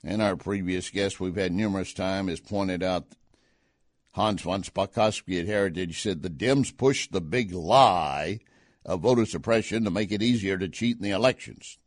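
A man's voice: sits low, moderate pace, no room sound, studio quality. A man hosting a political talk show, speaking conversationally and pushing hard on key points. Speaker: talk radio host. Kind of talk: political commentary.

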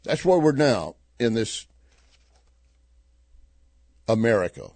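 A man's voice: medium pitch, takes it slowly, dry recording. A middle-aged man hosting a talk radio show, commenting on news and telling a joke with chuckling asides. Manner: animated storyteller, chuckling asides.

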